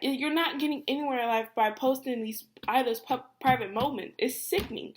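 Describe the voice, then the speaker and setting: A young woman with a voice pitched a little high talks straight to camera in a loose, filler-heavy rant. She sounds worked up and exasperated, swearing freely. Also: normal speed, few pauses. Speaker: vlogger.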